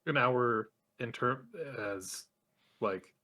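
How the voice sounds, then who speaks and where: A man plays a tabletop game, asking questions in a halting way. His voice sits at an ordinary middle pitch. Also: bright, forceful tone. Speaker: player.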